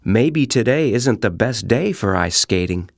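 A man voicing a gentle, kindly big male bear who explains things patiently in a storybook reading. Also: fairly low pitch, expressive, vocal fry, no echo, clean studio sound, heavily acted. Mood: reassuring. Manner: patient, reassuring, explains slowly.

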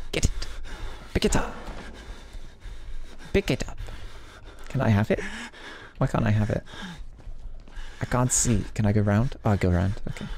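A man's voice: fairly low pitch, a little mellow, slight background noise. A man playing a horror game and commenting, joking, yelping and talking to the characters. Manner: jokey, yelps and talks to game characters. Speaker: let's play gamer. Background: game music.

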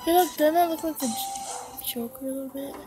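Teasing female co-host, a little high-pitched, game music behind her. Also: a little fast, mellow. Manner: teasing, playful. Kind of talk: casual chat.

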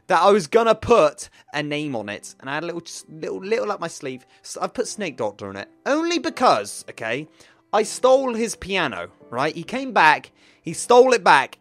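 Young male gaming YouTuber, playful and sing-song, animated pitch, dry booth sound. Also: no echo. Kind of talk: Minecraft let's play commentary.

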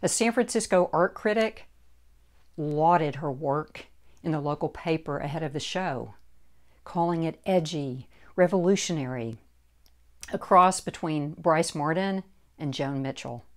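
A woman author reading her own book aloud, in a measured and deliberate narration. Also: sits low. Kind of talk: audiobook narration.

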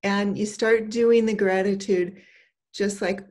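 An older woman, an empowerment coach, speaking in a gentle, conversational, encouraging way. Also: mid-range voice, fairly even intonation, slow. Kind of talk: casual advice talk.

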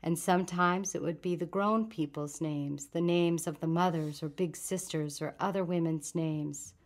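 A woman reading the part of a grieving adult refugee woman, speaking softly with controlled bitterness. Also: fairly low pitch, steady tone, normal speed, close to an everyday voice. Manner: soft, hushed, controlled grief.

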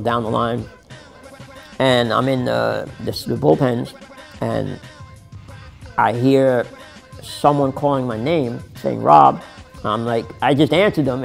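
A man's voice: mid-range voice, vocal fry. A middle-aged man, telling his story in a candid interview, rambling and swearing as he corrects himself. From New York City. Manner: rambling, profane, self-correcting.

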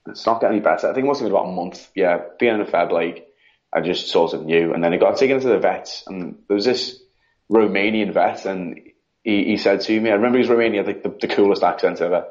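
A man's voice: low-pitched, fast talker, a little mellow. A grieving man from the UK, a podcast guest rambling through a story in casual chat and acting out the dialogue. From United Kingdom. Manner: rambling, retelling with quoted dialogue. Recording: dull lo-fi audio.

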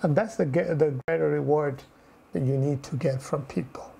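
Gravelly, mellow-voiced male preacher. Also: on the high side, normal speed, low-quality recording. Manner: earnest, repeats phrases, frequent "you know" fillers. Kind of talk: sermon.

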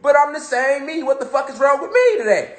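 A man's voice: extremely high pitch, big pitch swings, a little fast. A man giving a casual motivational monologue on spirituality, talking in street slang and repeating phrases for emphasis. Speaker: spiritual talk host. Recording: echoey room.

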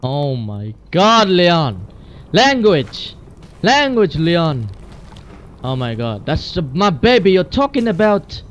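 A man's voice: on the high side, big pitch swings, slow pace, muffled recording, slight background noise. A man hosting a let's play, jumpy and exclaiming as he talks to himself through a horror game. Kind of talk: gaming commentary.

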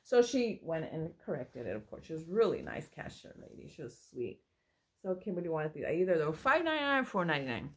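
A woman chatting excitedly at home in a casual haul vlog, often apologizing as she shows things to a handheld camera. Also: low voice, fast talker. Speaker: mother showing a thrift haul. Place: at home, indoors. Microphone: handheld phone or camera she moves around.

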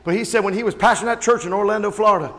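A man's voice: high voice, very fast. A man preaching a sermon as a pastor, telling stories and calling out to the congregation. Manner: storytelling preacher who shouts out quoted voices. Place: church sanctuary. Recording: long reverb of a large hall.

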